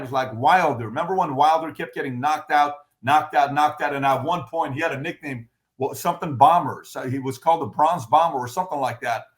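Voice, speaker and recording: Man, podcast host, emphatic commentary, repeated rhetorical questions, raised pitch, roomy echo. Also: brisk.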